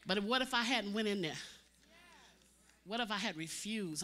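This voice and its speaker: Bright-voiced woman preacher, dramatic. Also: medium pitch, lively intonation, normal speed. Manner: dramatic storytelling, swinging from loud cries to hushed tones. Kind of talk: sermon.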